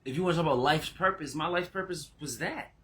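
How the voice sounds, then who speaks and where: Man, spiritual teacher, casual vlog talk, bright forward tone, excitable, laughing, soft and slow when reflective. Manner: excitable, laughing, jumps into high exclamations; slows down and goes quiet when reflective.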